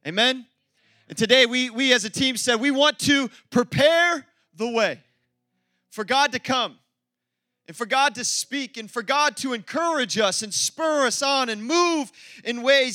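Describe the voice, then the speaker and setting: Male pastor, energetic sermon delivery with playful asides; high, sharp voice. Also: unhurried, dry recording, clean studio sound.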